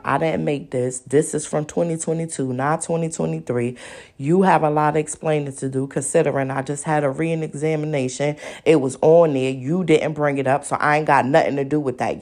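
Low gravelly woman venting bluntly. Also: darkish tone. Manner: blunt, profane, acts out other people's lines in a raised voice. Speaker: podcast host. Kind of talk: casual storytelling rant.

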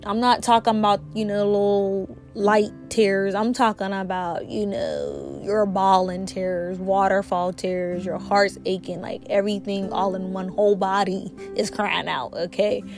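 A woman's voice: mid-range voice, darkish tone. A woman hosting a faith talk show, sounding a little sick and speaking earnestly and conversationally. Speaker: podcast host.

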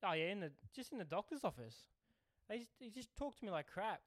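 A man's voice: sits high, dry recording, studio quality. Riled-up Australian man telling stories. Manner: animated storytelling, quick to anger. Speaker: podcast co-host. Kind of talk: casual chat.

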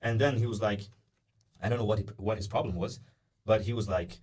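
Fast-talking young man telling a story. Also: on the low side, husky. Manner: animated, acts out the voices of people in his story; many "uh" and "like" fillers. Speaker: podcast guest. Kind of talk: casual storytelling.

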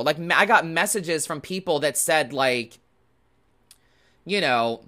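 A man hosting a tarot podcast, talking in a casual, animated, sarcastic rant full of swearing. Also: on the high side, slow. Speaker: tarot reader and podcast host. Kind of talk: casual ranting chat.

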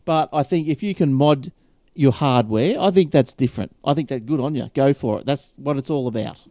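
A man's voice: medium pitch, fairly quick, dark tone, no echo, studio quality. A man hosting a casual tech podcast, rambling and chatty with frequent laughs. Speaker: podcast host.

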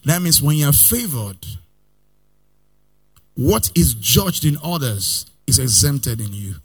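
A male pastor preaching a sermon, swinging between loud outbursts and quiet asides, sometimes in a sing-song cadence and calling on his listeners to repeat after him. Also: mid-range voice, big pitch swings, slow, gravelly, husky. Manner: calls the congregation to repeat lines after him.

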